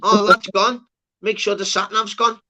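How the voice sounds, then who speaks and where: A young Scouse man chats and jokes in loose, expletive-laden banter. His voice sits a little high and sounds bright and forward. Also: little pitch movement, a little slow. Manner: swearing, banter-heavy, laughs often. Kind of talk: casual chat.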